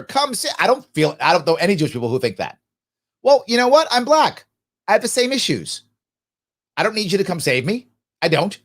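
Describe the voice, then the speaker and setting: A man hosting a live talk show, reading viewer comments aloud and answering them emphatically, often posing questions and answering them himself. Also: high-pitched. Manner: animated, jokey asides. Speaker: political talk show host.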